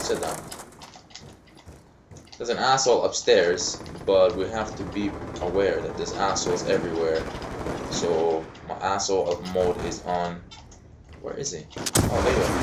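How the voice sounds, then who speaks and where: A young man doing live video game commentary, trash-talking, swearing and breaking into yells. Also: low-pitched, unhurried, noisy background. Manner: foul-mouthed trash talk, bursts of yelling. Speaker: gaming commentator. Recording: roomy sound with game gunfire. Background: video game gunfire.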